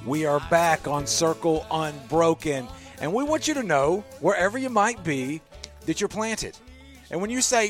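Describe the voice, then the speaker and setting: A man's voice: a little high, lively intonation, measured pace, faint music behind. A man from Tennessee hosting a casual radio talk show, upbeat and jokey, laughing often, recorded with a studio microphone in a small office. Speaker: radio show host and guest speaker.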